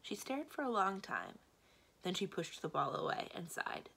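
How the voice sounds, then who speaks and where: Woman narrator, children's read-aloud, expressive, bright and gravelly. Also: mid-range voice, moderate pace. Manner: expressive storytelling, steady and clear. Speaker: librarian reading aloud.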